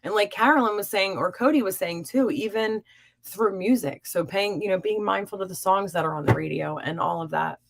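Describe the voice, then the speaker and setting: A young adult woman hosting a live stream as a psychic reader, chatting warmly and encouragingly with viewers. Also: mid-range voice, brisk, vocal fry, a little hiss or hum. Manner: warm, encouraging and upbeat. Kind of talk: live-stream chat reading viewer comments.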